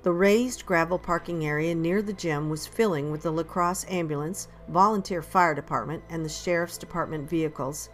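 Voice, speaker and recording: A woman reading a first-person audiobook in a measured, steady storytelling manner. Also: deep voice, soft background music. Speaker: audiobook narrator.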